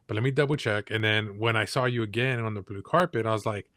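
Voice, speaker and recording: A man's voice: fairly low pitch, fast, a bit bright, no room sound, studio quality. A man hosting an interview, giving short eager agreeing replies. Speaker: interviewer host. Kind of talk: casual interview chat.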